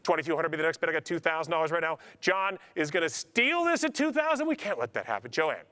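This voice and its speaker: A man's voice: fairly high pitch, very animated, quick pace, sharp tone. A man running a charity auction, calling out bids and coaxing named bidders with nonstop talkative banter. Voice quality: talkative, gift of gab. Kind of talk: live charity auction patter.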